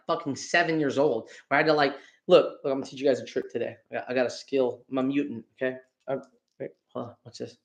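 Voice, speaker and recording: A man in his thirties hosts a solo podcast, his voice sitting a touch higher than most. He speaks bluntly and swears freely. Now and then he slips into quick, mocking impressions of other people. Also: a bit bright. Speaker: podcast host. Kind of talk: candid solo monologue.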